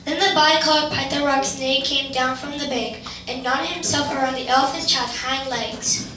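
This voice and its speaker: An older woman narrating a children's tale in measured storybook style during an amateur stage musical. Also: high-pitched, steady tone. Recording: echoey hall from far off, background noise.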